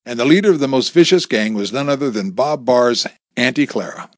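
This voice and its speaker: A man's voice: medium pitch, lively intonation, a little fast, no room sound. A man narrating an audiobook expressively, shifting between character voices.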